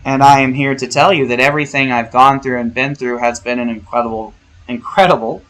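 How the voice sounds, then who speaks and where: A man's voice: medium pitch, level tone, brisk, a bit bright, poor audio. A man delivering a casual spiritual monologue, rambling and theatrical, with profane jokes. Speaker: vlogger.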